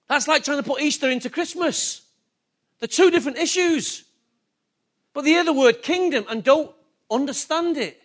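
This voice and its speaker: Man, pastor, very high voice, sermon, rhetorical questions, emphatic. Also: fairly bright tone. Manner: preaching with rhetorical questions to the congregation.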